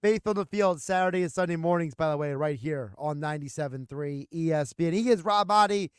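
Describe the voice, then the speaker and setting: A man's voice: on the high side, brisk, clean tone, no echo. A man hosting a sports radio show from a studio, plainspoken and joking. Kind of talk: casual sports radio talk.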